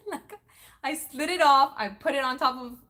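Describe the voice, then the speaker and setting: A young woman vlogger chatting casually, acting out quoted lines with big jumps in pitch. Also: slow pace, sharp tone. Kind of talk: casual storytelling chat.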